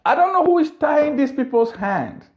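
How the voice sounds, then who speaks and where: High-voiced, indignant man. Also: big pitch swings, moderate pace. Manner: indignant, rhetorical and repetitive. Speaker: political commentator. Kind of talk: impassioned monologue.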